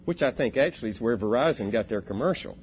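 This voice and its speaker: A man's voice: mid-range voice, expressive, fast talker, highs cut off, slight background noise. A man, a church elder, preaching a sermon in an earnest, reflective way, often posing rhetorical questions.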